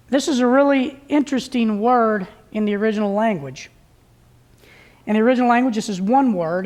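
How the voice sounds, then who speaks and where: A woman's voice: medium pitch, darkish tone. A woman preaching a conversational sermon at a church service, plain-spoken and folksy, often restarting her sentences.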